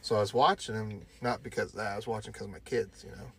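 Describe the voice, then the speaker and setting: A man's voice: lowish voice, fairly even intonation, quick pace, husky. A man in his thirties, a podcast co-host, telling a casual story and swearing often. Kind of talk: casual chat.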